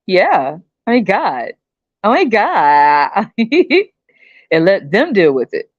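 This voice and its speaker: Animated, laughing woman podcast host. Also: mid-range voice, slow pace, no room sound, highs cut off. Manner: animated, laughs often, slangy. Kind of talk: casual comedic rant.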